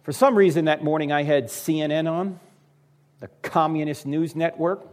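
A man's voice: on the high side, moderate pace. A man in his fifties giving a humorous talk to a live audience. He addresses the crowd directly and acts out the voices of people in his stories. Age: 50s. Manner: animated storyteller who acts out quoted voices. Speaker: public speaker.

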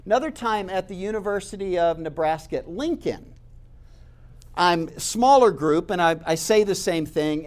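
A man telling stories in a conversational way, speaking straight to his listeners and acting out the voices he quotes. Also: on the high side. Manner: conversational, addresses listeners directly. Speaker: speaker recounting campus talks. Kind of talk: animated storytelling talk.

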